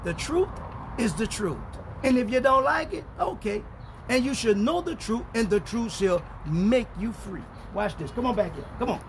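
This pastor's street-style Bible lesson is animated, lurching from low mutters to shouted bursts. He reads scripture slowly and with emphasis, and a little background noise can be heard.

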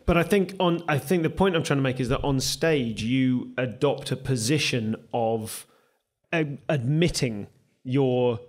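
A man's voice: medium pitch, unhurried. Man asking probing interview questions. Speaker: podcast host, interviewer. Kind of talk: live podcast interview. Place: theatre stage before a live audience.

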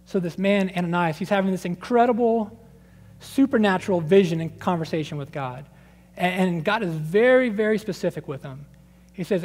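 A man in his thirties preaching a sermon, conversational and animated, acting out scripture quotes and his children's voices. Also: sits high, moderate pace. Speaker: pastor. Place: church sanctuary. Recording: long reverb of a church sanctuary.

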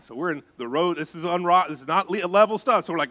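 Guy pastor preaching, bit high voice, spins a story and goes all hushed at the tense parts. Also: quick pace, few pauses. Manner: animated storyteller, drops into hushed tones for suspense. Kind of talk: sermon storytelling.

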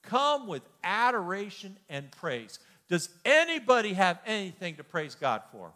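A man leads a church Bible study with a high, bright voice that leaps up and down in pitch. He jokes, exclaims, and repeats himself as he teaches. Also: measured pace. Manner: animated, jokey, exclaims and repeats words. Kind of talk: lively sermon-style teaching. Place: church hall.

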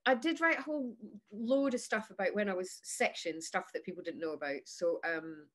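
A woman's voice: mid-range voice, normal speed. A woman, a guest telling stories in casual chat, laughing often and acting out the people in her anecdotes. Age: 50s. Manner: chatty storyteller, laughs often, acts out voices in anecdotes.

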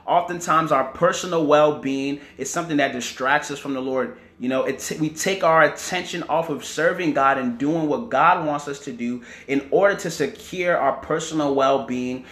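A man's voice: fairly high pitch, moderate pace, hardly any pauses, a bit bright, roomy sound. A man preaching a teaching sermon, often repeating words and checking in with "right?" and "amen".

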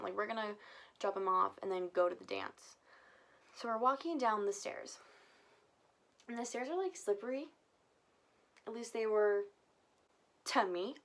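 A young woman vlogger with a gravelly, mid-range voice tells a casual storytime. She's chatty and leans heavily on the filler word "like" throughout.

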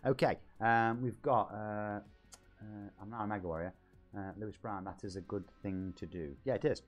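A man's voice: on the low side, fairly even intonation, moderate pace, lo-fi sound, soft background music. A man in his forties with a Nottingham accent, chatting on a live game stream, reading viewers' messages aloud, joking, laughing often and calling everyone mate. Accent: Nottingham English. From England. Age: 40s.

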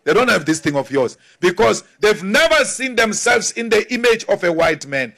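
A man giving a forceful, defiant political speech. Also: high voice. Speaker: politician addressing a crowd.

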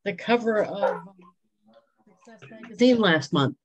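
A woman's voice: medium pitch, lively intonation, unhurried, low-quality recording. Bubbly woman host on a video call. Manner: bubbly, exclaims and laughs often. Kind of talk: casual video-call chat.

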